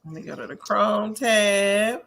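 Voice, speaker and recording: A woman with a mid-range voice and a bright, forceful tone hosts a casual gossip chat over a video call. She is a little tipsy, chatty and easily amused. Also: mid-range voice, a little slow, vocal fry, slight background noise. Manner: chatty, easily amused, fumbles with screen sharing. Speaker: show host.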